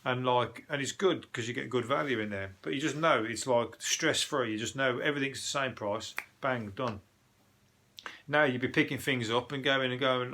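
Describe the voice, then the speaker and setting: A comedian delivering a casual, rambling monologue reviewing the day's news, full of swearing and jokey asides. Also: male voice, mid-range voice, a little fast, sharp tone, slight background noise.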